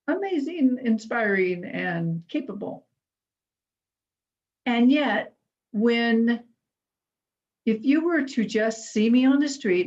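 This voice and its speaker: A woman's voice: mid-range voice, highs cut off. A woman giving a conversational inspirational talk, a chatty and humorous storyteller. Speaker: inspirational speaker at a spiritual center.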